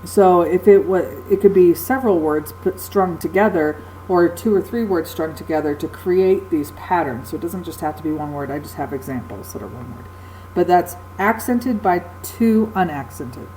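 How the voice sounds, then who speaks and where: Mellow-voiced woman giving a lecture. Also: fairly low pitch, moderate pace, slight background noise, rough recording. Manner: explains patiently with frequent fillers. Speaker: teacher. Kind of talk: recorded lecture.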